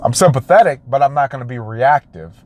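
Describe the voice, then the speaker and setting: A man's voice: medium pitch, animated, fairly quick, darkish tone. A man, a realtor, giving an emphatic motivational talk and repeating his phrases for effect. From United States.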